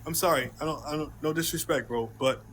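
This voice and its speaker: A man's voice: on the high side, fast talker, crowd noise. A man in a heated casual debate, insistent and interrupting, repeating his points. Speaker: host.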